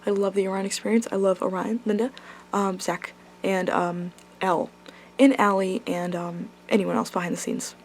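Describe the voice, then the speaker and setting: A woman's voice: medium pitch, little pitch movement, normal speed, slight background noise. Gushing young woman vlogger. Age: young adult. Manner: gushing, swears casually, many ums and likes. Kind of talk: excited casual storytelling.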